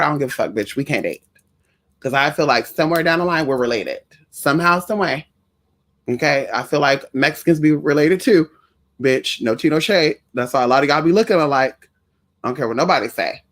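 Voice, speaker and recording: A man's voice: fairly high pitch, fairly bright tone. A man hosting a casual livestream as a spiritual reader, talking in a sassy, profane, campy way and greeting viewers by name. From Puerto Rican family in the US.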